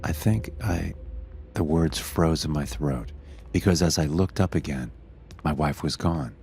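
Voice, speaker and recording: A man giving scripted horror story narration in a steady, measured way. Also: very deep voice, slight background noise.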